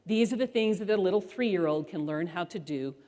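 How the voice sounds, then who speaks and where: A middle-aged woman speaker telling parenting stories to an audience, animated and acting out voices as she goes. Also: fairly low pitch, fairly quick. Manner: animated storyteller who acts out voices. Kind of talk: storytelling talk to an audience. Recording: long hall reverb.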